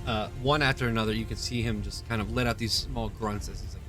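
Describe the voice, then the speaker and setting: A man's voice: lowish voice, fairly even intonation, fast, few pauses, fairly bright tone, soft background music. A man running a tabletop game as game master, narrating with a playful, joking manner.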